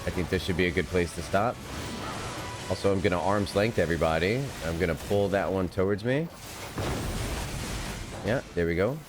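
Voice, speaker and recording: A man streams himself playing an online game, giving live commentary as he chats loosely and gigglingly with viewers and teammates. His voice sits low, his speed is normal, and he pauses often, with music playing underneath.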